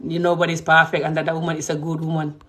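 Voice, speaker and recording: A woman's voice: flat delivery, quick pace. Indignant Gambian woman ranting. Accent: Gambian English. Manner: emotional, indignant, swings between shouting and low muttering. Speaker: vlogger. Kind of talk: heated ranting monologue.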